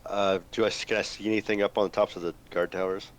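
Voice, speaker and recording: Deep-voiced man playing a tabletop game. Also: level tone, quick pace. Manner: hesitant, thinking aloud with fillers. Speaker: player. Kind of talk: tabletop game play, casual chat.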